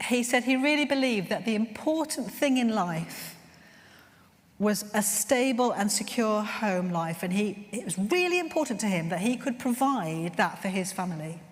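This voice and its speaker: A woman gives a conference talk with heartfelt earnestness, weaving in stories as she leads a workshop. Her voice sits at an ordinary middle pitch. A long reverb trails her words around the large room. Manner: earnest, heartfelt, gently searching. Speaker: workshop leader at a chaplains' conference.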